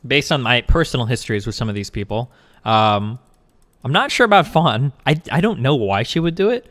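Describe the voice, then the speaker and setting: A man's voice: medium pitch, lively intonation, a bit bright. A man co-hosting a casual stream discussion, blunt and argumentative, swearing freely. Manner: fast, blunt, argumentative, profane. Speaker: streamer and co-host.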